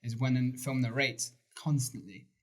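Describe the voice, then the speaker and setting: A man's voice: mid-range voice, steady tone, normal speed. A man co-hosting a podcast, giving opinionated views in casual chat, with fillers. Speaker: podcast co-host. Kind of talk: casual film review chat.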